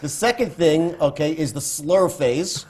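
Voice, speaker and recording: A man being interviewed, telling an anecdote in a lively, playful way. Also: on the high side, a little slow, slight background noise. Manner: animated, playful storyteller. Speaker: interview guest. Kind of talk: storytelling anecdote.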